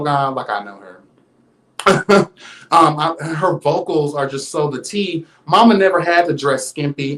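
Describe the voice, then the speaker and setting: A man's voice: on the high side, a bit bright, roomy sound. A man hosting a livestream gossip show, sassy and flamboyant, reading news with his own commentary. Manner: sassy and flamboyant, peppered with interjections; reads news aloud with commentary. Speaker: host.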